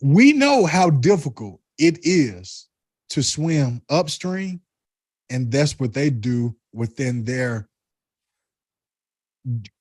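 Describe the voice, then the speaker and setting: A man with a Southern US accent talking in a deliberate, reflective way, with spiritual musings in casual conversation. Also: mid-range voice, big pitch swings, a little mellow, no echo.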